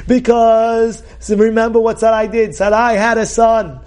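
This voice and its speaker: A rabbi gives a Torah class in a fairly high voice. He teaches emphatically, asking rhetorical questions and breaking into loud outbursts. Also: level tone, a little slow.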